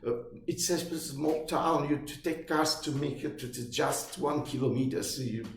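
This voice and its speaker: A man in his fifties with an Italian accent, a native Italian speaker, venting in a halting, agitated personal monologue full of restarts. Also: mid-range voice, creaky, slight background noise. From Italy. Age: 50s. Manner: agitated, halting, many restarts, rising to shouts. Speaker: vlogger. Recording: roomy echo.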